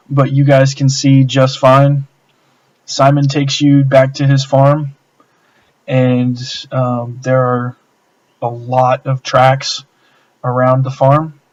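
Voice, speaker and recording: A man narrating as game master in a relaxed way, with many fillers. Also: mid-range voice, dull audio.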